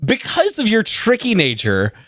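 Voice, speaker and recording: A man running a tabletop game as game master, narrating in an animated, playful way. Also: high voice, moderate pace, no room sound, studio quality.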